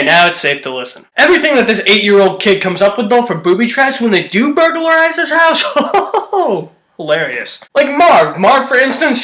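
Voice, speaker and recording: A man with a high-sitting, sharp voice gives a casual, joking movie review. He's chatty, uses lots of fillers, and tosses in quick voice impressions.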